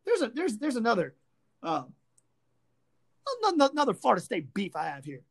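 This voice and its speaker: A woman's voice: a little high, sing-song, fairly quick, vocal fry, long pauses, breathy edge. A woman hosting a sports talk show, ranting sarcastically and with profanity about a rival team. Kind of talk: ranting sports podcast chat.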